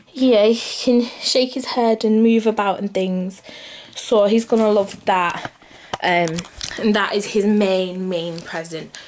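A young woman, chatting casually to camera about gifts she bought, slightly out of breath, with many pauses and restarts. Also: medium pitch, a little hiss or hum. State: a little out of breath. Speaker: vlogger showing Christmas gifts.

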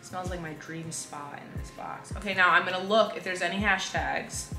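A woman's voice: fairly low pitch, normal speed, gravelly. A young woman, a lifestyle influencer, chatting casually while unboxing, gushing and gasping, a little tired. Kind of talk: casual vlog unboxing chat. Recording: roomy sound with loud music behind. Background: background music.

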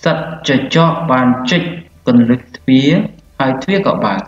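A man's voice: mid-range voice, racing. A man from Cambodia with a Khmer accent teaching English, explaining words and switching languages. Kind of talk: bilingual language lesson. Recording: roomy, muffled with faint music.

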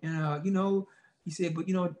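Man, ex football player, interview guest with a somewhat high voice, rambles through animated stories. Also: fairly quick. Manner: rambling, animated storytelling with many fillers. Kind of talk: casual storytelling interview.

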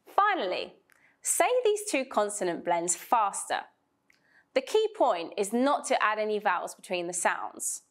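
A woman teaching English pronunciation in a slow, scripted lesson, drilling sounds clearly and deliberately. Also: mid-range voice, very animated, fairly bright tone.

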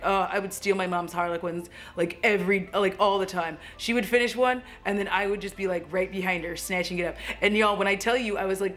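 A woman in her thirties giving a casual, chatty movie review at home, animated and quick to laugh and swear. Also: medium pitch.

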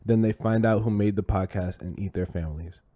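A man's voice: on the low side, a little fast, dark tone. A man co-hosting a casual podcast, rambling and goofy, swearing now and then. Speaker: podcast co-host. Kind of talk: casual chat.

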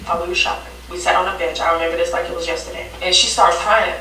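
A woman's voice: lowish voice, rapid-fire. Blunt young woman, echoey far-off mic. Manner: blunt, heated, animated retelling with quoted voices. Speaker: vlogger telling a personal story. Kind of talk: casual storytime vlog. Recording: far-off mic in an echoey room with faint TV noise.

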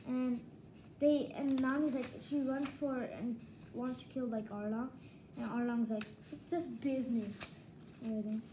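A woman giving a casual book review, retelling the story excitedly with many restarts and false starts. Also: on the high side, moderate pace, slight background noise, poor audio.

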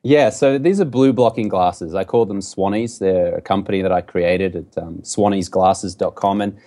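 A man's voice: low voice, normal speed. An Australian man in a casual interview, joking and acting out little quoted lines as he talks. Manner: jokey and animated, acts out quoted lines. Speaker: podcast guest, entrepreneur.

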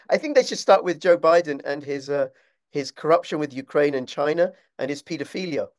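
High-voiced man, dripping sarcasm. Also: animated, normal speed. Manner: heavy mock-sarcastic praise. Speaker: podcast host. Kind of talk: casual video-call chat.

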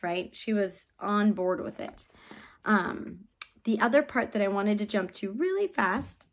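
A woman giving a mid-week church devotion in a conversational way, reading Bible passages aloud and asking her listeners questions. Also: medium pitch.

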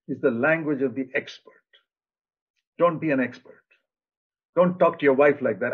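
A man's voice: mid-range voice, normal speed, long pauses, slightly rough. An older male preacher giving a sermon in an earnest, plain-spoken way, acting out bits of dialogue. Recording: tinny phone-like sound.

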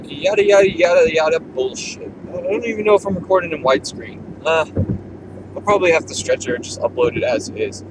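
A brisk, high-sitting male voice belongs to a vlogger in his 20s, telling a rambling, casual story as he drives. He's laid-back and leans heavily on filler words. A camera or phone inside the moving car picks him up over loud road and engine noise.

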